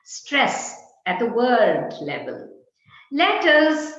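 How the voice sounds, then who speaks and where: Lady teaching pronunciation on a video call, slow and sing-songy, really echoey dull sound. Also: fairly high pitch, big pitch swings, a bit bright. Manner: explanatory, repeats example phrases aloud. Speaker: workshop trainer. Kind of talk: online workshop lecture.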